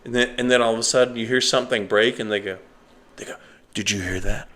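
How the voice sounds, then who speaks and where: A man's voice: mid-range voice, quick pace, slight background noise. A man co-hosting a casual podcast, mocking a TV show and acting out its people. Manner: animated, mocking, acts out quotes. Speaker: podcast co-host. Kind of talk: casual chat.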